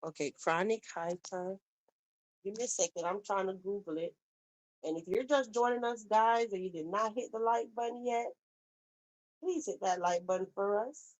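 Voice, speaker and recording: A chatty woman hosts a casual live stream and reads viewer comments aloud. She is animated and familiar, and she keeps calling people baby. Her voice sits at a medium pitch and is recorded close and dry. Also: moderate pace, no room sound, poor audio. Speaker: livestream host reading chat.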